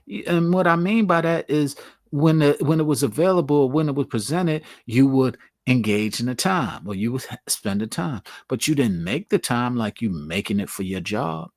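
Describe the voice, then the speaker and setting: A man's voice: mid-range voice, lively intonation, normal speed, no echo. Man, show host, earnest, casual slang, repeats himself for emphasis, dry close sound. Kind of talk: motivational talk to viewers.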